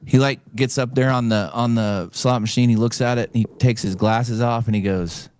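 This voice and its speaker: A man's voice: medium pitch, normal speed, clear, resonant tone. A man hosting a podcast, telling a story in casual chat and acting out the people in it. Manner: animated storyteller acting out quoted voices. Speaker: podcast host.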